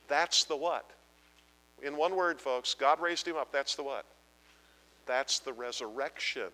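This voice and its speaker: A man's voice: mid-range voice, lively intonation, measured pace, long pauses, sharp tone, big-room sound, poor audio. A man preaching a Bible-teaching sermon, emphatic and asking the congregation repeated questions.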